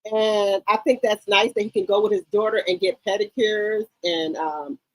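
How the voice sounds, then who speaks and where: A woman hosting a gossip channel, giving casual, loud, profane commentary on reality TV and talking straight to her chat. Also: medium pitch, fairly even intonation, moderate pace, rough recording. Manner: loud, profane, emphatic hype.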